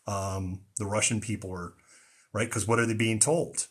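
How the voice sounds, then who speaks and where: Guy with a slightly husky lowish voice, loose rambling live-stream chat, lots of ums. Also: brisk. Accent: General American with a slight Boston tinge. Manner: rambling, many ums and restarts. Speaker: news show host.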